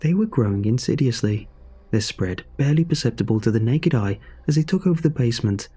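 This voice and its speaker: A man narrating a horror story in a measured, scripted storytelling delivery, with faint music behind. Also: mid-range voice, lively intonation, dark tone, breathy edge.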